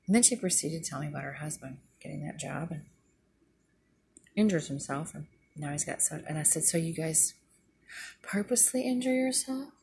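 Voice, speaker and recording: A middle-aged woman, a retired nurse who vlogs, vents indignantly in a casual monologue, retelling conversations she's had. Her voice is deep and a little mellow with vocal fry, she talks a little fast, and there's a slight hiss or hum.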